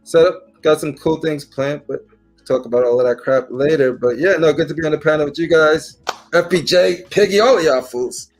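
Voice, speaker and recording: A man's voice: fairly high pitch, moderate pace, faint music behind. A middle-aged man, a father, casually chatting as a podcast host and acting out stories with voices. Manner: animated storyteller, acts out dialogue. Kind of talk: casual chat.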